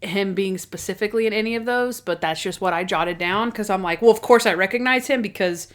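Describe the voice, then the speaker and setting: Chatty woman podcast co-host. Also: mid-range voice. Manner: chatty, rambling recap with quick asides. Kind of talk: casual chat.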